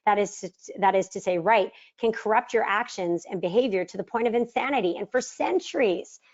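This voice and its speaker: A woman's voice: medium pitch, a little fast, muffled recording. A middle-aged woman leading a book study, talking casually, asking her audience rhetorical questions and acting out quoted arguments. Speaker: mindset trainer leading a book study course. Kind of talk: casual teaching talk.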